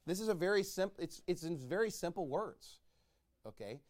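A male pastor preaching a sermon, reading scripture slowly and swinging between loud shouted calls and low quiet asides. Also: expressive. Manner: reads scripture in slow, drawn-out cadence.

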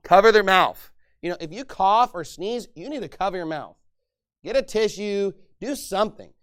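A middle-aged man preaching a sermon as pastor, lively and conversational, acting out quoted voices and laughing now and then. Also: high voice, moderate pace, smooth.

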